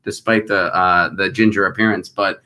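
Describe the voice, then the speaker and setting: A lower-pitched man with a bright, forceful edge to his voice co-hosts a live online show. He chats casually, gushing with enthusiasm and cracking jokes as he goes. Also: level tone, normal speed. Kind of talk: casual comedic chat.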